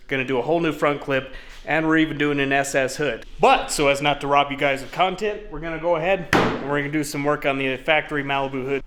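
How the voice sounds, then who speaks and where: A young man casually hosting a hands-on car restoration vlog from his home garage, explaining his steps in a relaxed, joking way. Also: medium pitch. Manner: chatty, jokey, relaxed explaining. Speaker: host of a car restoration channel.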